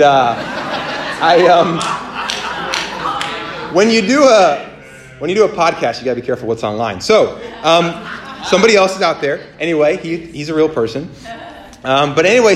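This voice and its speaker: Animated man preaching, roomy echo. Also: a little hiss or hum. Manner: animated storytelling, acts out voices with big pitch jumps. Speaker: pastor. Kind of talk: sermon on a podcast.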